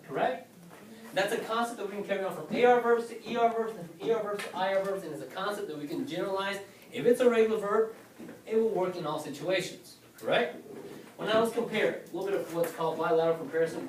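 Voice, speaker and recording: A high-pitched male Spanish teacher lectures a class, often asking questions and checking with "okay?". He's recorded from afar in a roomy classroom.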